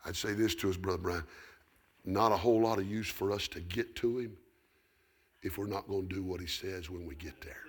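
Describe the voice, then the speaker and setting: A middle-aged man with a Southern American accent preaching a sermon, telling folksy stories that build up into shouted preaching. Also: sits low, brisk, slightly rough. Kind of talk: storytelling sermon.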